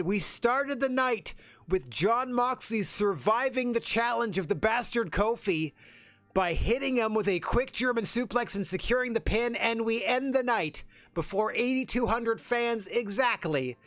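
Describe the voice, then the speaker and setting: A man putting on a gravelly, booming male wrestling announcer voice, calling the action with dramatic play-by-play over a video game. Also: lively intonation, measured pace, a bit bright, no echo, heavily acted. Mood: excited.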